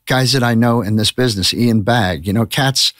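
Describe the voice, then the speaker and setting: Comedian guest, man in his fifties, candid and rambling, mid-pitched voice, dry close mic. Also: moderate pace, a bit bright, dry recording. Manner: candid, rambling storyteller with restarts. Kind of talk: casual podcast conversation.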